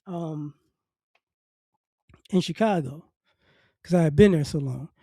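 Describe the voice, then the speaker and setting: A man with a high, dark, mellow voice and faint traces of a Southern accent, from New Orleans, gives a blunt, casual opinion monologue. He often repeats words as he works toward his point, and the recording is dry and close. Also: slow pace, no room sound. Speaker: commentary vlogger.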